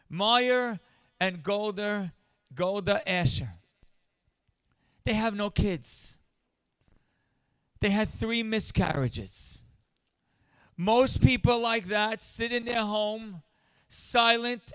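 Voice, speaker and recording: Male charity-event speaker: high, smooth voice, close and dry, impassioned with building refrains. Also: slow pace, long pauses, fairly bright tone, no room sound. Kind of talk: inspirational event speech.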